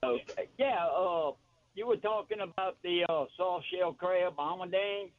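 A man calling into a radio show, asking a question in a halting way. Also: sits high, no room sound. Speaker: radio caller. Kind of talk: call-in question. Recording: dry tinny phone line.

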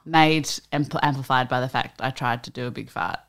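A woman's voice: very deep voice, steady tone, moderate pace, very noisy. A young woman co-hosting a podcast, chatting frankly and laughing often. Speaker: podcast co-host. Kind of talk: casual chat.

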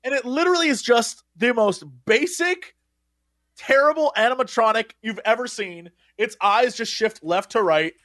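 A man co-hosting a podcast in casual chat, an animated storyteller who laughs often. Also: very high-pitched, normal speed, no room sound, clean studio sound. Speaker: podcast co-host.

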